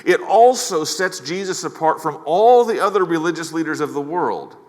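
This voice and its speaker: A man's voice: fairly high pitch, lively intonation, moderate pace, long reverb tail. A male pastor preaching a sermon in a conversational way, with casual asides and key phrases repeated. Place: church.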